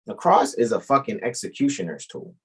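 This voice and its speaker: A man's voice: fairly low pitch, very animated, fairly quick, husky, poor audio. A man co-hosting a casual podcast chat, blunt and profane with a preachy edge. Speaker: co-host.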